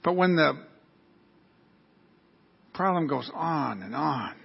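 A man's voice: a little high, expressive, takes it slowly, creaky, husky. A man preaching an earnest, storytelling sermon. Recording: dull lo-fi recording.

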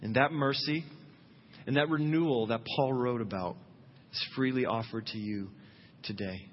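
A man's voice: mid-range voice, normal speed, slight background noise. A man preaching a sermon as pastor, earnest and imploring, rising to fervent calls. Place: church sanctuary. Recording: muffled sound in a long-reverb hall.

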